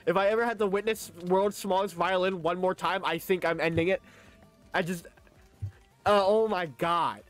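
A man's voice: sits high, little pitch movement, a little fast, faint music behind. A young man streaming a game, chatting casually and ranting in rambling reactions to his chat.

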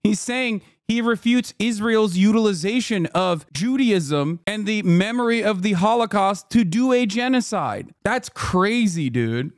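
A man's voice: sits high, measured pace, no room sound, studio quality. A man hosting a live stream, talking bluntly and sarcastically in casual commentary, swearing often. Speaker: streamer host.

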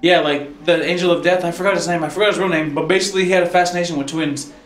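A man's voice: on the high side, fairly even intonation, racing. A young man co-hosting a podcast in casual chat, rambling with lots of fillers and laughing often. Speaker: podcast co-host. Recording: echoey room with faint music.

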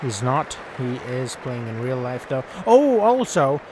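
A man's voice: mid-range voice, big pitch swings, a little slow, background noise. A young man casually commenting while playing a cricket video game, rambling and swearing offhandedly. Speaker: gaming channel host.

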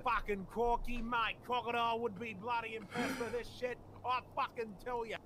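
Brief: man putting on a brash, high-voiced outback hunter, game audio hissing behind. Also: little pitch movement, normal speed, pushed and bright. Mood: boastful. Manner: put-on Australian drawl, heavy swearing. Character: swaggering male wildlife hunter, parody outback guide.

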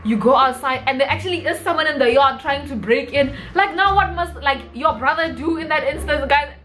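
Young South African woman vlogger, comedic rant, slang-heavy, higher voice, faint music behind. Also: a little fast, low-quality recording. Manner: animated, mixes local slang into English.

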